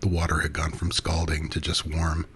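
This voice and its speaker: Deep, flat-voiced man narrating intimately. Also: moderate pace, slight background noise. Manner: soft, breathy, often half-whispered delivery. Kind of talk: intimate first-person erotic story narration.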